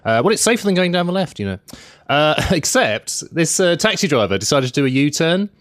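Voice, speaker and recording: A lively man telling a story on a podcast, his pitch bouncing all over as he jokes. His voice is dry and close, with no room sound around it. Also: brisk, dry recording. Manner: jokey storyteller, animated. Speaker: co-host, magazine journalist. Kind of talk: casual podcast chat.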